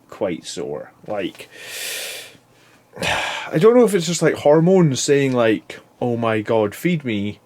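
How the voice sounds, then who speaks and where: A man in his thirties recording a casual video diary while worn out and foggy from fasting, rambling and often restarting his sentences. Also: mid-range voice, darkish tone. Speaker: YouTube channel host.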